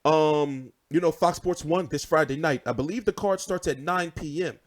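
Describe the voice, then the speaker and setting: A young man, in his 20s, hosts a boxing show and chats casually on livestream, telling lively stories peppered with swearing. His voice is a little high and he speaks at a normal speed.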